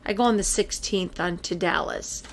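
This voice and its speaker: A woman hosting a casual podcast, chatty with many fillers and quick laughs. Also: fairly low pitch. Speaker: podcast host.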